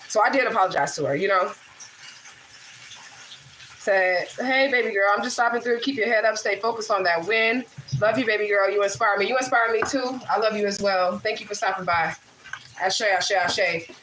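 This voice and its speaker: A woman's voice: medium pitch, fairly bright tone. A woman hosting a casual livestream from her home kitchen, telling loose, swearing stories with laughs. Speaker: livestream host and spiritual reader. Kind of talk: casual livestream chat while cooking. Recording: echoey kitchen with faint noise.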